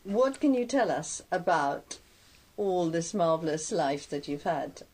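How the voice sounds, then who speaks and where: Woman, interview host, somewhat low pitch, slow pace, measured delivery. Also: a little mellow, rough recording. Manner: measured and deliberate. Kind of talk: interviewing, with a read introduction.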